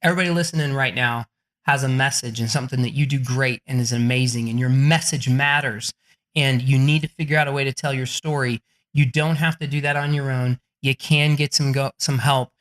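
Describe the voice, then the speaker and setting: Bright, animated man swearing freely. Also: medium pitch. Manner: animated, swears freely, laughs while talking. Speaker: podcast guest, book coach. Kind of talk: energetic, profane interview talk.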